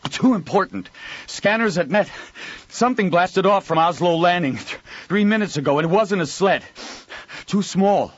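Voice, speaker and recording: A man voicing a young male messenger, out of breath and urgent, speaking in clipped, excited bursts. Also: sits high, normal speed, dry recording, muffled recording, pitched above the performer's own voice.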